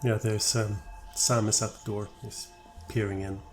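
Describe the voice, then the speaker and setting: A man's voice: fairly low pitch, little pitch movement, moderate pace, over music. A man narrating a tabletop role-playing game as game master, in a casual, slightly hesitant way.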